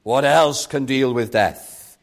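A man's voice: medium pitch, slow. A man voicing a sneering male devil who whispers mocking doubts. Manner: mocking, insinuating.

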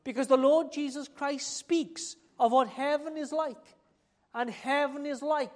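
A preacher delivering a sermon, talking straight to the listeners with rhetorical questions and repeated phrases that build to loud, emphatic appeals. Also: high-pitched, fairly even intonation, measured pace.

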